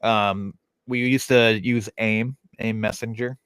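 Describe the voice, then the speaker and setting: A man's voice: lowish voice, steady tone, takes it slowly, fairly bright tone, clear, resonant tone, no room sound. Casual swearing man telling stories. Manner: loose storytelling, heavy swearing, frequent fillers. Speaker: podcast host. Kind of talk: casual chat.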